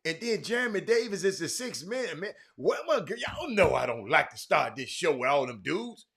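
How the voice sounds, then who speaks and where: Animated, bright-voiced man hosting a live sports chat. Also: on the high side, normal speed, vocal fry. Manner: chatty, shouting out viewers by name, many restarts. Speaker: live show host. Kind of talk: casual live-stream sports talk.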